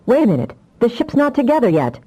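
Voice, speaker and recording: A woman's voice: fairly high pitch, big pitch swings, fast, mellow, husky, voice pushed up, low-quality recording. A woman reading an audiobook, voicing a fierce, short-tempered powerful woman telepath who snarls and snaps. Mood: sharp. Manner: snappish, snarling. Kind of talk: audiobook character voice.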